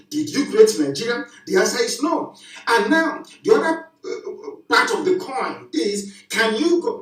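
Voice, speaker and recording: A man giving an impassioned live broadcast address, preaching emphatically with rhetorical questions and repetition. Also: very high voice. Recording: echoey, distant from the mic.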